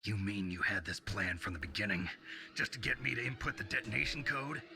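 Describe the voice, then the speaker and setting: An actor voicing a gruff, wary male soldier hero in a video game, speaking in short, clipped lines. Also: on the low side, expressive, brisk. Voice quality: gravelly, clipped.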